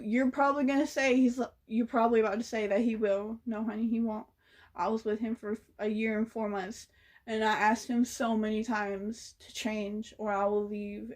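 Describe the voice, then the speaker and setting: A woman's voice: on the high side, darkish tone. A young woman telling a story in a casual vlog, blunt and sassy, swearing freely. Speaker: vlogger.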